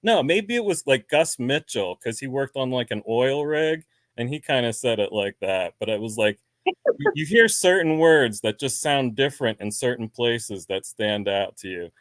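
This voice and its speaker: A man's voice: mid-range voice, moderate pace, no room sound. A man from New Jersey with a New Jersey accent, a guest beekeeper chatting casually and acting out the voices of the people in his stories. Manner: animated storyteller, acts out quoted voices. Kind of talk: casual chat.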